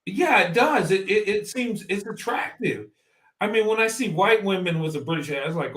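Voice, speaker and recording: High-pitched guy chatting casually, keeps tripping over his words and laughing. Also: animated, fairly bright tone. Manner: halting, restarts often, laughs a lot. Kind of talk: casual chat.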